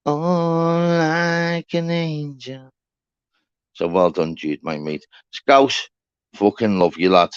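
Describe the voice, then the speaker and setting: A man, hosting a casual live chat with viewers. He shouts out greetings, then drops into quiet, sombre talk. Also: deep voice, sing-song, takes it slowly, clean tone, dry recording, muffled recording. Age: 30s. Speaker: livestream host.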